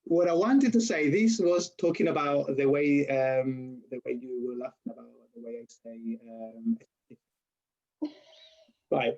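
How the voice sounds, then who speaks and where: A university lecturer and nurse with a Spanish accent tells stories in a casual interview, an animated storyteller who acts out quotes, laughs often, and frequently restarts and corrects himself. His mid-range voice moves a little slowly, in a dull lo-fi recording.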